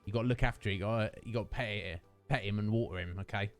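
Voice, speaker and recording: A Twitch streamer with a lowish voice talks very fast while playing a game live, faint music behind him. He chats affectionately with his viewers and rambles through his thoughts, restarting sentences many times.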